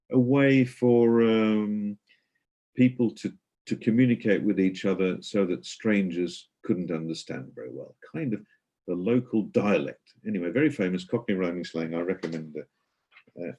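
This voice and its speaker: Middle-aged guy doing a tour talk, real deep voice, husky, lots of ums. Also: dark tone. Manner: hesitant, many fillers, chatty and explanatory. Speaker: tour guide. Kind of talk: online guided tour talk.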